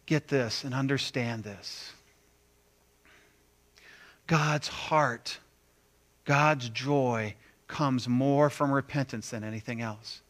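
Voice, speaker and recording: A man preaching a sermon, animated, acting out quoted voices with big swings between loud and quiet. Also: mid-range voice, takes it slowly, pauses often. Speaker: pastor.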